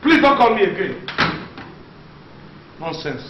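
An actor playing a loud, scolding office boss with a Nigerian English accent, who laughs as he rants. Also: sits high, very animated, measured pace, roomy sound, muffled recording, very noisy. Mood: angry. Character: blustering bossy man, office manager. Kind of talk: comedy film acting.

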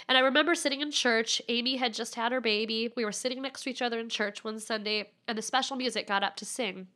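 A woman's voice: fairly high pitch, fairly even intonation, quick pace, few pauses, sharp tone. A woman in her thirties, a podcast guest candidly telling a personal story.

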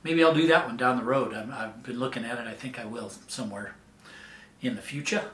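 A man's voice: mid-range voice, roomy sound, a little hiss or hum. A man hosting a daily song show, chatting casually and folksily with many fillers before playing a song. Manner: slow, relaxed, folksy talk with fillers. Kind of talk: casual chat introducing a song.

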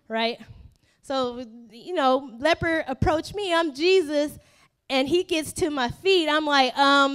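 A woman pastor preaches with a high, bright voice, animated and full of humor. She repeats phrases for emphasis and slips into playful voices of people in the story, keeping her listeners hooked. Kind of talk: sermon.

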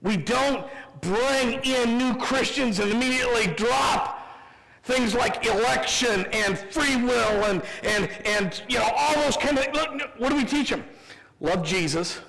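A man with a Midwestern American accent, preaching a sermon as pastor, animated and humorous with quick asides. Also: very high-pitched. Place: church sanctuary. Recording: church sanctuary with long reverb.

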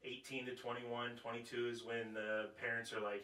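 A man's voice: mid-range voice, little pitch movement, moderate pace, sharp tone. A man preaching at a Bible study in a conversational, joking way, asking his audience questions as he goes. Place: church. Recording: echoey room, distant mic.

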